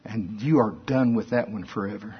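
A man preaching a folksy, animated sermon that rises to shouts at its peaks. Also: fairly low pitch, moderate pace, breathy edge. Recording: dull lo-fi recording.

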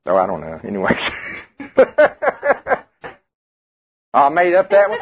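Male preacher, husky voice, conversational sermon over a thin radio line. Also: on the low side, sing-song, normal speed, long pauses. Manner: conversational, asks the congregation questions. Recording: tinny radio broadcast.

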